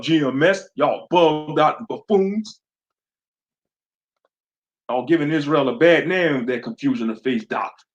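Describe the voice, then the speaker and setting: A man's voice: fairly high pitch, expressive, moderate pace. Slangy man laughing through his commentary. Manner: laughs often, slangy and blunt. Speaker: online commentator. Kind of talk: casual commentary stream.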